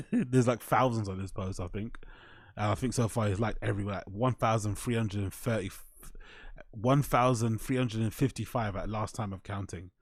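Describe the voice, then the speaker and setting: A man's voice: on the low side, normal speed, dry recording, studio quality. A man hosting his own show, giving casual, mocking commentary on online posts, swearing freely and often breaking into laughter. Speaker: show host.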